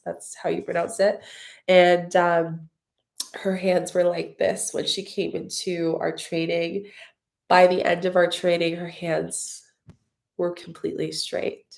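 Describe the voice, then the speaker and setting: A woman with a fairly low, gravelly voice hosts a live stream as a spiritual mentor and channel host. She answers viewer comments loosely and ramblingly, with many fillers, speaking effusively and emotionally and expressing plenty of gratitude.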